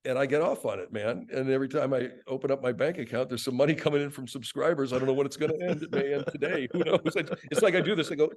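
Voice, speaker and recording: An older man, a radio host and voice actor, chatting as a guest with animated, profane, laughing storytelling. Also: mid-range voice, fast, hardly any pauses. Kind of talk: casual interview chat.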